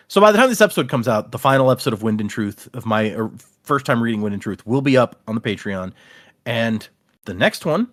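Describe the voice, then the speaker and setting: A man's voice: medium pitch, no echo, clean studio sound. A man hosting a casual podcast, reading listener emails aloud and laughing easily. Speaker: podcast host.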